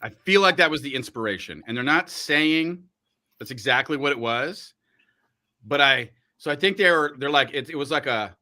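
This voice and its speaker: A man's voice: mid-range voice, moderate pace. A man hosting a casual livestream from a radio studio, joking and talking while he eats. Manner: animated, joking, talks while eating. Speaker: radio host.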